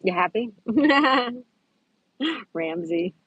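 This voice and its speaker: A woman's voice: on the high side, lively intonation, drawn-out words, a bit bright, husky, dry recording, dull audio. A woman hosting a casual live stream outdoors at a park, chatting and greeting viewers by name as she reads their comments. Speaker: livestream host.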